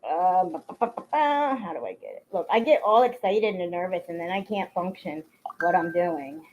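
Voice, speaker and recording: A woman's voice: fairly low pitch, expressive, normal speed, a little mellow, slight background noise. A woman hosting a casual livestream, greeting viewers by name and venting bluntly with plenty of swearing. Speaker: livestream host. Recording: dull lo-fi stream audio.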